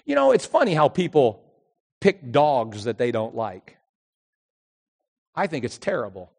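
A youth pastor preaching a sermon in story form, animated, moving between loud emphasis and hushed earnest passages. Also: male voice, medium pitch, measured pace, gravelly, long pauses.

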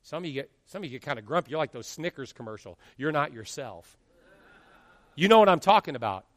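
A man in his fifties, a pastor preaching an animated sermon and acting out quotes from his congregation. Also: on the high side, fast, dry recording, studio quality, in a large hall. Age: 50s.

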